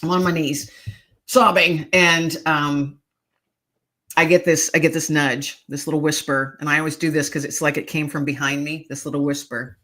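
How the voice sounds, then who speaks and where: A woman's voice: low-pitched, steady tone, normal speed, a bit bright. Woman, middle-aged, podcast guest, earnest, emotional storytelling, hesitant restarts. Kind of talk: personal storytelling in an interview.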